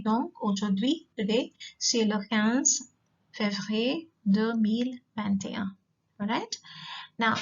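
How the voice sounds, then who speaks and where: A woman, a French teacher giving a recorded lesson and patiently repeating words slowly. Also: a little high. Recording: dull lo-fi recording.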